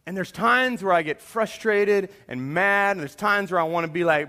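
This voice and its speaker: Guy preaching, high voice, gets loud then goes real quiet. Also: moderate pace, few pauses. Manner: animated preaching, drops to a quiet hush for confessions. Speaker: pastor. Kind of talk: sermon.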